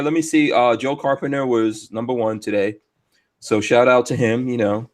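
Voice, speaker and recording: A man hosts a live podcast in a loose, joking chat. He laughs often and keeps the energy up. His voice sits at a middle pitch. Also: normal speed. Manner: jokey, lively, laughs often. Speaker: podcast host.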